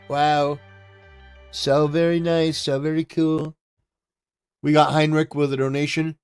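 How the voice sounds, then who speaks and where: A man hosting a political livestream who comments in an excitable, exclamatory way and repeats his phrases for emphasis. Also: on the high side, unhurried, long pauses, clean tone, faint music behind. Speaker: livestream host.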